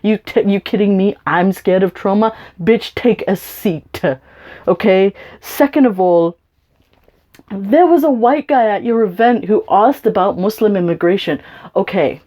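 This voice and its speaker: A woman rants straight into her camera, swearing hard and dripping with sarcasm. Her voice is mellow and dark in tone, and she talks to the camera as if the person she is angry with were sitting in front of her. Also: mid-range voice, measured pace. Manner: profane, sarcastic and confrontational. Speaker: YouTuber.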